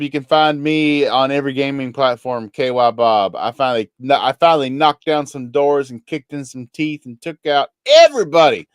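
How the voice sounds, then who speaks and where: A man's voice: a little high, a bit bright, dry recording. A man from Kentucky with a toned-down Kentucky accent, hosting a live gaming show in loose, joking, rambling talk. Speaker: show host. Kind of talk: casual live-stream chat.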